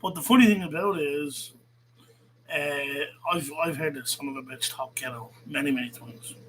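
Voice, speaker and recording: A man's voice: a little high, moderate pace, fairly bright tone, a little hiss or hum, poor audio. A man hosting a show, ranting profanely and sarcastically as he reacts to a rival's video. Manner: combative, sarcastic, swears a lot. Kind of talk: profane heated rant.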